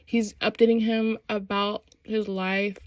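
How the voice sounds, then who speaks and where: A woman chatting excitedly through a show recap, slangy and quick to laugh. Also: mid-range voice, dry recording. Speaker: vlogger.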